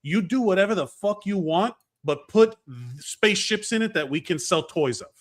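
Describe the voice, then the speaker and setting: A man's voice: high voice, moderate pace. A man co-hosting a podcast, giving emphatic opinions and circling back to finish his thoughts in casual chat. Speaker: podcast co-host.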